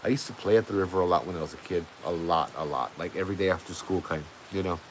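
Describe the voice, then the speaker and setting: A man's voice: sits low, fast talker, slight background noise, low-quality recording. A man hosting a livestream, telling a ghost story in a casual, rambling way with plenty of fillers and restarts. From Hawaii. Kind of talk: casual storytelling to a live chat.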